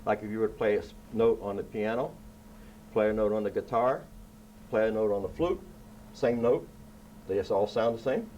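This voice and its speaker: With lo-fi sound and a faint underlying hiss, this indoor clip captures a man with a fairly low voice casually teaching kids about science. He's playful and frequently pauses to ask "right?".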